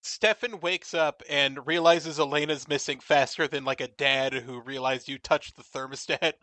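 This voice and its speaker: Bright, jokey young-sounding man. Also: fairly high pitch, fairly even intonation, normal speed, dry recording. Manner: jokey, laughs often, puts on silly voices. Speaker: podcast co-host. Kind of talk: casual recap chat.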